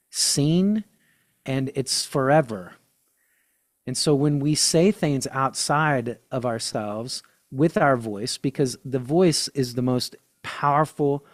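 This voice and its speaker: A man's voice: mid-range voice, no room sound. Emphatic man, dry close sound. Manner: enthusiastic, spiritual, emphatic on key words. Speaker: podcast guest. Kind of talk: casual podcast conversation.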